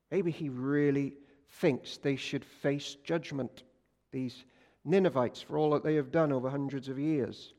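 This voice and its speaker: A man preaches a sermon in a high voice, animated and joking as he keeps asking his listeners questions. His words ring out with the long reverb of a church hall. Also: moderate pace. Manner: animated, jokey, asks the congregation questions. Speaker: pastor.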